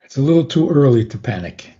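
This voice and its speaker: A man, a rabbi, calmly explaining on a radio talk program and chuckling often. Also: mid-range voice, fast. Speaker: rabbi guest. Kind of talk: radio interview, Torah teaching. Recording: dull lo-fi radio audio.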